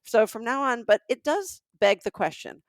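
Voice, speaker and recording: A woman's voice: fairly high pitch, expressive, moderate pace, no echo, clean studio sound. A middle-aged woman from Alabama co-hosting a casual comedic podcast, telling stories and asking emphatic rhetorical questions. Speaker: podcast co-host.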